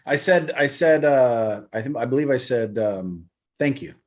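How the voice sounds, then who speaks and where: A middle-aged man co-hosting a casual podcast, telling stories in an easygoing, dryly joking way. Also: mid-range voice. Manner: easygoing storyteller, dry joking. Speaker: podcast co-host. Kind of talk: casual chat.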